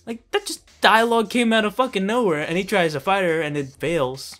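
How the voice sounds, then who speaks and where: A man's voice: high-pitched, expressive, fairly quick, a bit bright, faint music behind. A man giving a casual, profane and sarcastic review of a film he finds ridiculous, laughing as he rants. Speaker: movie reviewer. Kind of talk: casual ranting movie review.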